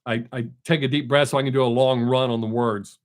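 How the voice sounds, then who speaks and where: A man's voice: medium pitch, steady tone, a little fast. A middle-aged man hosts a live stream, chatting casually and bluntly with his viewers and telling stories. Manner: blunt, talkative, storytelling.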